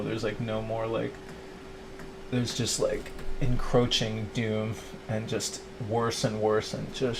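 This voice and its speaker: A man's voice: mid-range voice, steady tone, moderate pace, darkish tone, a little hiss or hum. A middle-aged man talking to camera for his own channel. He rambles, full of "like" and restarts, and acts out quotes of his own past self. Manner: quotes himself in mock voices. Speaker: YouTuber. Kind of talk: rambling confessional monologue.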